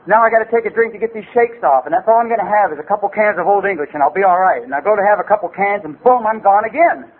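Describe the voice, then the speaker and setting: A man's voice: high voice, lively intonation, rapid-fire, hardly any pauses, breathy edge. A man in his forties telling his story at a recovery meeting, rambling and streetwise, with "you know" every few words. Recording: tinny lo-fi tape with faint hiss.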